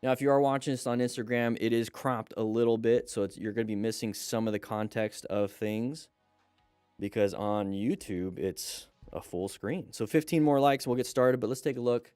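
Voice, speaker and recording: A man's voice: medium pitch, fairly even intonation, normal speed, a little mellow, clean tone, no echo, studio quality, soft background music. A man hosting a casual live stream, chatting to viewers and greeting them as he reads their comments. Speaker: live stream host and riding instructor.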